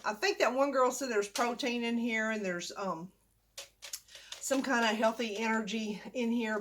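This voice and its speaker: A woman's voice: fairly high pitch, slight background noise. An older woman, chatting in a casual storytelling vlog and acting out the dialogue as she goes. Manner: chatty, animated, acts out the dialogue. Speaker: vlogger.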